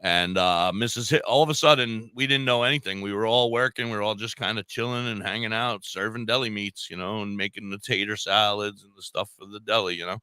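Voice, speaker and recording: A man's voice: lowish voice, steady tone, a little fast, few pauses, pushed and bright, clear, resonant tone, no echo. A man in his forties with a Long Island New York accent, co-hosting a podcast and telling a long story in a rambling way, swearing casually and restarting his sentences. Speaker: podcast co-host.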